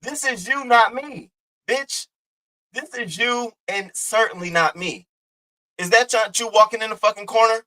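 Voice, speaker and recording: A young livestream host hurls brash, profane, taunting trash talk at a rival in a heated rant. His high voice sounds pushed and bright, though his pace stays measured, and the recording is rough.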